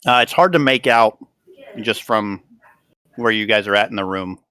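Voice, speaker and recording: Bright-voiced game master, dry close sound. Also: male voice, lowish voice, moderate pace, smooth, dry recording. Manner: hesitant, searching for words. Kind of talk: narrating a tabletop game.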